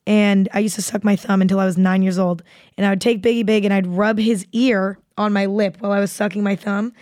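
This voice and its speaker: A woman's voice: mid-range voice, steady tone, fairly quick, a little mellow, no room sound. Rambling young woman podcast host, dry. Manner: rambling, swears freely. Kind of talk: casual chat.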